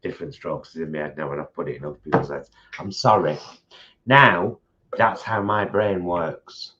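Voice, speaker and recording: A man's voice: low voice, sharp tone, highs cut off. Jokey man with an Oldham accent. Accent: Northern English, Oldham. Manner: jokey, breaks into song, quick asides. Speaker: co-host of a food channel. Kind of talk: casual chat while eating live.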